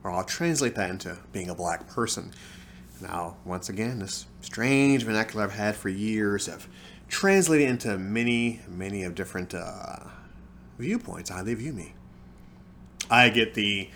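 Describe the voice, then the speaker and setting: A man's voice: fairly low pitch, lively intonation, a little slow, fairly bright tone, slight background noise. A man hosting his own podcast, telling a personal story in a theatrical, wry way and calling his listeners folks. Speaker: podcast host. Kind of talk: storytelling monologue.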